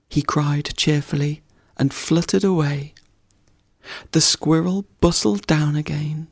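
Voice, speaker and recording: A man reads a bedtime story at an unhurried, very slow pace. His voice has a gravelly, creaky texture, and the recording is dry and close. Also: fairly high pitch, little pitch movement, no echo. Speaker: audiobook narrator.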